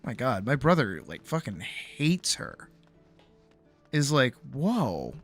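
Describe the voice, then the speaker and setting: A man's voice: medium pitch, sing-song, slow, a bit bright, faint music behind. A young adult man streamer telling a personal story in casual chat, acting out both sides of the conversation and often restarting his words. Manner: frequent restarts and repeated words.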